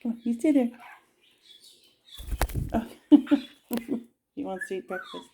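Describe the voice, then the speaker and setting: A woman at home talks to her pet birds in coaxing, sing-song baby talk. Her voice sits fairly high and swoops widely as she drawls slowly. The home recording carries a clear layer of background noise. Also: huge pitch swings. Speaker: pet bird owner, channel host. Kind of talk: casual chat with pet birds. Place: at home, indoors.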